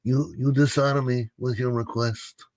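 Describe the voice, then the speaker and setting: A man's voice: mid-range voice, steady tone, normal speed, a little mellow, no room sound, natural voice. A man voicing a menacing mob boss with a put-on Italian accent.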